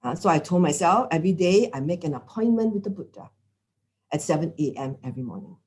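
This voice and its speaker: Woman, middle-aged, Singaporean English accent, lay dharma teacher, chatty, lowish voice. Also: lively intonation, fast, darkish tone. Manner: chatty, peppered with "lah" and "okay?", acts out quoted speakers. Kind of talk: dharma talk.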